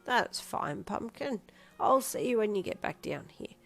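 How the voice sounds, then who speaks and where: A woman's voice: medium pitch, lively intonation, a little slow, creaky, soft background music, voice pushed up. A woman reading a fan story aloud, voicing a cheerful, teasing old grandfather. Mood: playful. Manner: playful, teasing.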